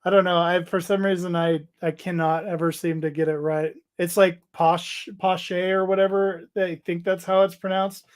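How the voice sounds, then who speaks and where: With a high voice and flat delivery, this man hosts a laid-back hobby livestream. His talk rambles and halts, and he reads viewer messages aloud and trails off into restarts.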